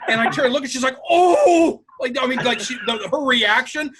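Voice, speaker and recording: A man telling stories in a casual group chat, animated and acting out the quotes. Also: very high-pitched, fast, crowd noise. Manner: animated storyteller, acts out quotes. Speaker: improv comedy cast member.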